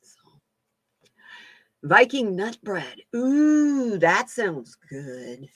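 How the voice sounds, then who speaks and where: A woman's voice: medium pitch, big pitch swings, drawn-out words, breathy edge, no room sound. A woman hosting a casual live-stream chat as a card reader, folksy and laughing often.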